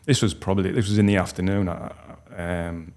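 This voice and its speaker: Man, 40s, gravelly and very low, flat delivery, halting heartfelt storytelling. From North East England. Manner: halting, heartfelt, many restarts. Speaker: podcast guest. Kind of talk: personal storytelling.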